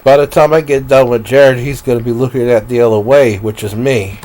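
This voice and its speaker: A man's voice: medium pitch, steady tone, brisk, darkish tone. A man live streaming, rambling and venting in a profane, emotional rant.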